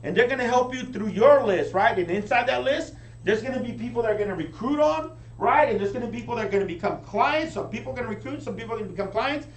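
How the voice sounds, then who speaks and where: A man giving a high-energy motivational training talk to a live audience, often checking in with them. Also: quick pace, few pauses. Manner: energetic, keeps asking the crowd "right?". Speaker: business team leader training recruits. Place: meeting room with an audience. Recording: echoey room, distant mic, faint hum.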